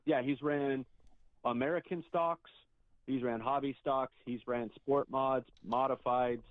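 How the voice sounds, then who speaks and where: A man calling into a racing talk show, relaxed and folksy. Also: mid-range voice, a little slow, no room sound. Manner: relaxed, folksy, uses fillers. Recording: tinny phone line.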